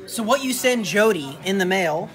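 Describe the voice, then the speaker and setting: A man's voice: high voice, animated, moderate pace, a bit bright. A man co-hosting a live show in casual chat, joking and playful. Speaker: co-host.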